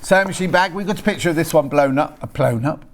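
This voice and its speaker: Talking fast over background noise, a man with a fairly high voice hosts a live shopping broadcast. He rattles off fabric prices in a jokey, conversational pitch and trades banter with off-camera crew.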